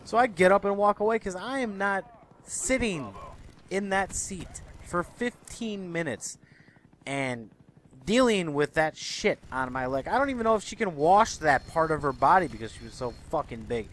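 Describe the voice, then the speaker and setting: A young man ranting through his everyday stories in a profane, exasperated, animated way, talking straight to his viewers. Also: high-pitched, normal speed, slight background noise. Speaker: commentary vlogger. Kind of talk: ranting storytelling monologue. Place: Chicago area.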